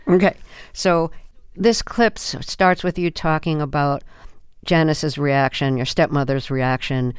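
A radio interview host speaks in calm, measured questions. The voice is very clear and mid-pitched, with a dry studio sound. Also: dry recording.

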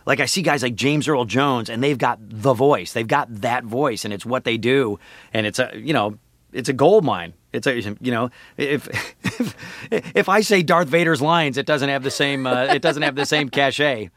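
A man's voice: mid-range voice, expressive, moderate pace, a bit bright, no room sound. A middle-aged man with a nasal voice and a Syracuse accent, chatting playfully as an interview guest and slipping into voices. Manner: playful, slips into voices and impressions. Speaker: voice actor guest.

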